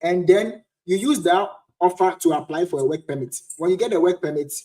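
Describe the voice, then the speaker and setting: Hosting a laid-back livestream, a Ghanaian man in his twenties answers viewers' questions. His voice sits high with a dark tone, and he speaks fairly quickly.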